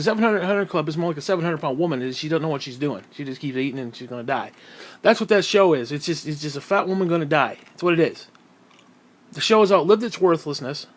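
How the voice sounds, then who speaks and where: Irritable male vlogger, profane rant, fairly high voice, heavy sighs. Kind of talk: angry ranting monologue.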